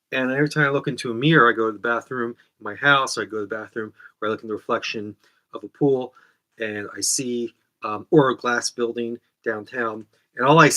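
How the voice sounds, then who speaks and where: A man's voice: medium pitch, fairly bright tone. A man hosting his own comedy show, talking in a rambling, self-correcting monologue that keeps getting sidetracked. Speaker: host.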